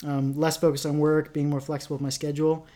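A man's voice: a little high, level tone, quick pace, dark tone. Rambling self-deprecating Canadian man. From rural Canada. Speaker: podcast co-host. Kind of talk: casual chat.

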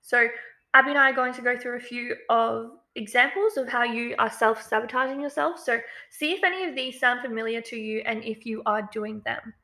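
Woman cohosting a podcast, bright voice a bit high, chatty and upbeat, lots of likes. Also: fairly even intonation, a little fast. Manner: upbeat, chatty, uses many fillers. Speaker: podcast co-host. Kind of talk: casual podcast chat.

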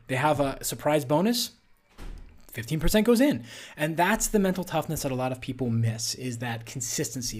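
Fairly high-voiced man hosting a podcast. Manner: earnest, conversational, with frequent fillers. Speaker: podcast host and athlete. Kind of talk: solo podcast monologue.

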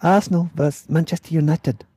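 A man with a Yorkshire accent voicing an excitable young male monk in short, clipped, excited phrases. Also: a little high, fairly quick, slightly rough, dry recording, clean studio sound, voice pushed up.

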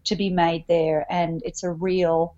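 A woman's voice: on the low side, level tone, a little slow, mellow, muffled recording. A woman, a musician guest chatting casually with dry jokes. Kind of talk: casual chat.

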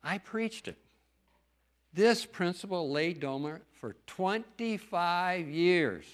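A man's voice: high voice, animated, slow. A middle-aged man, a farmer and lay preacher, giving an earnest, folksy testimony talk in church with emphatic stresses.

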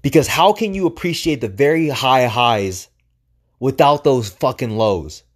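Expressive and measured, this man's medium-pitched voice carries a profane, emphatic motivational talk on his podcast, one he punctuates with rhetorical questions.

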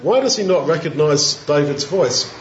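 A man giving an informal, reflective Bible teaching in a conversational way, pausing with fillers as he thinks. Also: a little high, lively intonation, slight background noise. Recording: roomy, dull lo-fi sound.

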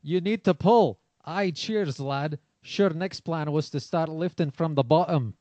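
A man's voice: on the high side, a little slow, no echo, pitched above the performer's own voice, close to an everyday voice. A man putting on an exaggerated Scottish accent to voice a sarcastic Scottish man. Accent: put-on Scottish. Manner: loud, exaggerated impression. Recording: dull lo-fi sound.

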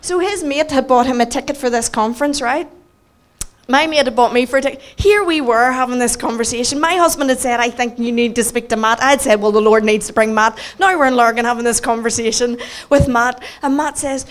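A woman with a Northern Irish accent telling a story in a sermon, animated and self-mocking, acting out the people she quotes. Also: fairly high pitch. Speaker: preacher.

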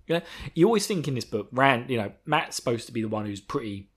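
A man's voice: mid-range voice, very animated, a little fast, fairly bright tone, breathy edge. A man hosting a podcast, rambling through a casual book recap with swearing and self-mockery. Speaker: podcast host.

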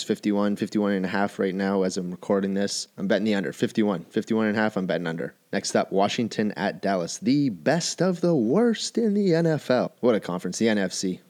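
A man's voice: sits low, darkish tone. A man hosting a solo football betting show, giving his picks in an emphatic way and repeating key phrases. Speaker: sports betting show host. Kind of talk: solo sports picks commentary.

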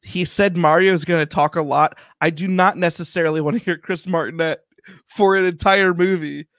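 A man co-hosting a casual chat, defending his view with easy laughs and exasperated questions. His voice is high, and the sound is dry and close to the mic. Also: steady tone, normal speed, a bit bright, dry recording. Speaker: co-host. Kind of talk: casual banter.

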